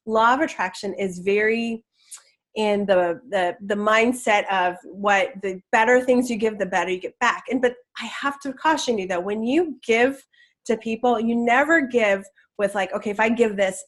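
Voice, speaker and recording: A woman's voice: medium pitch, normal speed. A woman teaching law of attraction in a casual, enthusiastic talk, chatty with many restarts.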